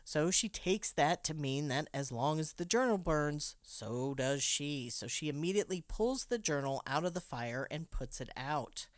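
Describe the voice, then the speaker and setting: Animated woman recapping a movie plot. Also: low-pitched, moderate pace, hardly any pauses, dry recording, studio quality. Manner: animated storyteller, joking asides. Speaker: podcast co-host.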